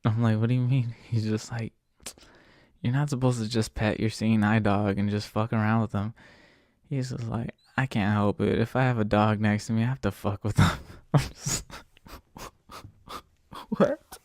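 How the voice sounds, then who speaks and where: Laid-back man with a gravelly voice. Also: on the low side, steady tone, normal speed, darkish tone, dry recording, studio quality. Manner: profane, laid-back, laughs while retelling. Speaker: podcast host. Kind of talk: casual storytelling.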